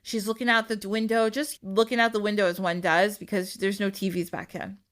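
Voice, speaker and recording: A young woman hosting a podcast, retelling a fairy tale in an animated, casual way, swearing freely and acting out the quotes. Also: medium pitch, fairly quick. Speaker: podcast host. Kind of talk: casual storytelling.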